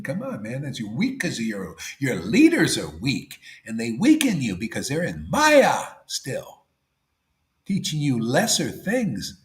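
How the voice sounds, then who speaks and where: A man giving a devotional sermon in a casual way, saying 'see' and 'man', and swinging between loud emphasis and near-whispers. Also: medium pitch, huge pitch swings, a little slow, reverberant. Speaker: spiritual teacher.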